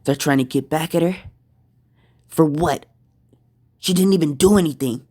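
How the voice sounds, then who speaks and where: A man voicing an angry, defiant young male ninja, with slow, halting lines. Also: on the high side, warm tone, lightly acted. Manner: slow halting delivery with stammers.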